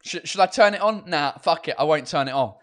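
A man's voice: on the high side, expressive, brisk. A man hosting a casual live-stream chat show from home, talking in a rambling, loose way and swearing freely. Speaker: host of a live beer-drinking chat show.

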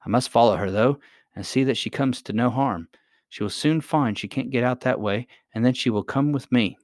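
A man's voice: medium pitch, moderate pace, darkish tone, no echo, studio quality, lightly acted. A man voicing a sturdy, practical young miner boy who talks bluntly and matter-of-factly in a storybook reading. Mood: musing. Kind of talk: audiobook character voice.

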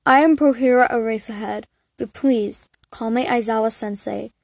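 A woman's voice: fairly high pitch, steady tone, moderate pace, gravelly, no room sound. A woman voicing a tired, stern adult male teacher who speaks bluntly in a fan fiction read-aloud. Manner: blunt and unwelcoming.

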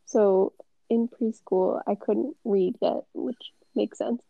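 A woman's voice: mid-range voice, steady tone, slow, vocal fry, dry recording. A young woman chatting casually and rambling, with lots of filler words. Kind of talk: casual chat. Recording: dull, dry, slightly lo-fi.

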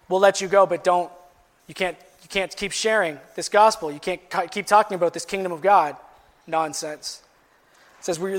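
Pastor guy preaching, high voice, long echo in the church hall, gets pretty emphatic. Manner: preaching, rising to emphatic passages. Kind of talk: sermon.

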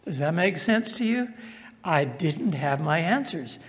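A man's voice: a little high, very animated, measured pace, long reverb tail, a little hiss or hum. An older man from the American South with a Southern accent, telling his life story as a testimony and asking the audience questions. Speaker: speaker giving a testimony. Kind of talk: personal testimony talk.

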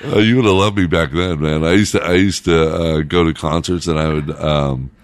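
A man's voice: a bass voice, fairly even intonation, normal speed, dry recording. A middle-aged man, a radio host and former DJ, telling loose stories in casual chat and laughing as he goes.

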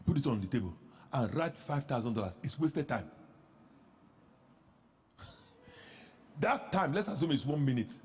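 A man pastor preaching a sermon, animated, with rhetorical questions that rise into shouts. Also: mid-range voice, moderate pace, long pauses, in a large hall.

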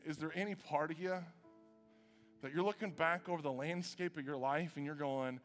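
Male pastor, high voice, animated self-mocking sermon, live church hall with long reverb. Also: normal speed, faint music behind. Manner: animated and self-mocking, swings from quiet asides to loud shouts.

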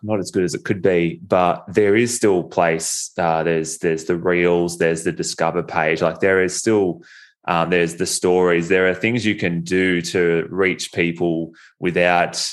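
A man with an Australian accent that drifts between posh and rough Newcastle, hosting a podcast in a relaxed, joking, blunt way. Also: low-pitched, a little slow. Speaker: podcast host, law firm marketing specialist. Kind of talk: casual podcast chat.

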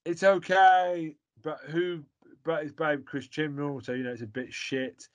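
A man's voice: on the high side, normal speed. A man in casual chat, blunt and rambling, swearing freely as he gives his opinions.

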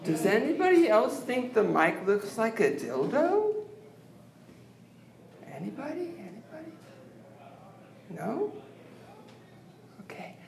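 Slow, gravelly awkward male comic. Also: sits high. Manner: awkward, self-deprecating, drawn-out pauses. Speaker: stand-up comedian. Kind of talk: open-mic stand-up set. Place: comedy club stage. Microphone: handheld stage mic. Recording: roomy club sound.

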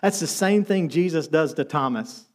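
A middle-aged male pastor preaching a sermon, telling stories and moving between lively and soft, tender delivery. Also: on the high side, moderate pace.

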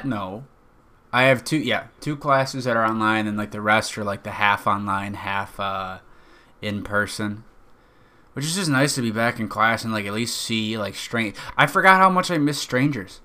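A man's voice: mid-range voice, bright, forceful tone. A young man hosting a solo podcast, rambling casually, swearing often and cracking jokes at his own expense. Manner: rambling, profane, joking. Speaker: podcast host.

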